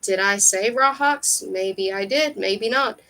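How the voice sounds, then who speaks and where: A woman reading aloud, voicing a huge skeletal male ferryman who speaks in hushed, hissing, evasive tones. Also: medium pitch, slow.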